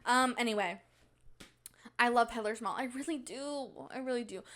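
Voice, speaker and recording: A young woman of nineteen hosting a solo podcast from a small home studio. She rambles casually, full of likes and ums, in a fairly high voice. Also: moderate pace, a bit bright. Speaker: podcast host.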